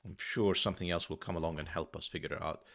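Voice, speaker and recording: Man, deep voice, gravelly fry, methodical puzzle host, thinking aloud. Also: steady tone, fast talker, fairly bright tone. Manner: muttering, methodical, self-correcting. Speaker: sudoku solver and channel host.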